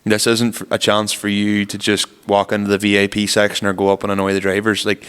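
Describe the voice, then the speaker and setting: A man's voice: lowish voice, monotone, fairly quick, fairly bright tone, smooth, in a large hall. A man co-hosting a podcast, telling stories in a casual, rambling way full of fillers. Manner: rambling storyteller, lots of "like" fillers. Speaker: podcast co-host. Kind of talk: casual chat.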